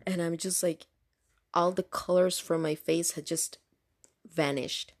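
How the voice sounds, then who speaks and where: A woman's voice: fairly low pitch, steady tone, unhurried, dry recording, clean studio sound. A woman telling a story in casual chat, rambling along with lots of fillers. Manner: chatty, rambling with many fillers. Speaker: storytime vlogger.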